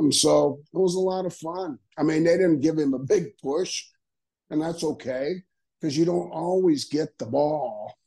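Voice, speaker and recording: A man, a retired wrestler telling animated stories in an interview, acting out voices and laughing often. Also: a little high, unhurried, creaky, slightly rough, poor audio. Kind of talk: storytelling interview.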